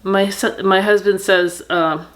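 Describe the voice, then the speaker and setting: A middle-aged woman telling a personal story on her vlog, earnest and reflective, pausing with fillers and restarting sentences. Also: mid-range voice, steady tone, fairly bright tone.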